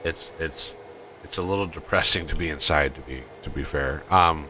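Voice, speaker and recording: A man's voice: extremely low pitch, moderate pace, bright, forceful tone, a little hiss or hum. A man hosting a gaming channel, chatting casually while he plays and telling a rambling story full of restarts. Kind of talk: casual chat while playing a game.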